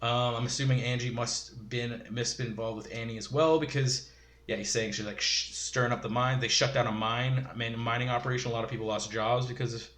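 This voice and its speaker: A man's voice: mid-range voice, fairly even intonation, brisk, fairly bright tone. Rambling man recapping a show. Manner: rambling, filler-heavy, chuckling asides. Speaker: show reviewer. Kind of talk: casual recap chat. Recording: roomy echo.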